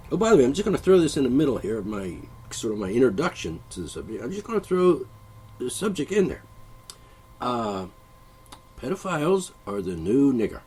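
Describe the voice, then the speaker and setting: A man hosting a solo monologue show, rambling and profane, often stopping to clear his throat. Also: mid-range voice, sing-song, normal speed, pauses often, darkish tone, low-quality recording. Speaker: podcast host.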